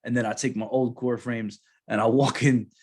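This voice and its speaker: A man in his thirties, a podcast co-host telling a story casually, animated and profane with lots of slang. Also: medium pitch, normal speed.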